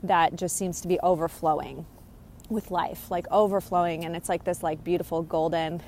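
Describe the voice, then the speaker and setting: A woman's voice: lowish voice, steady tone, moderate pace, darkish tone, slight background noise. A woman talking casually as she relays a spirit's messages, hesitant with many fillers and restarts, laughing now and then. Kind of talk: casual channeling monologue.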